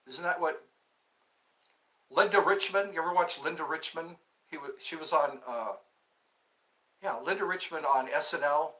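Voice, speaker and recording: A man's voice: a little high, moderate pace, long pauses, bright, forceful tone, low-quality recording. A man hosting a casual live stream, chatting in a rambling, self-interrupting way. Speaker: livestream host.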